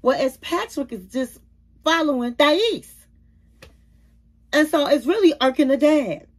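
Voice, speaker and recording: A woman with a high voice gives a casual, unhurried recap of a reality show. She talks straight to her viewers and calls them queens, honey and baby. She takes her time over every sentence. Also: lively intonation. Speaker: YouTube reality-TV reviewer.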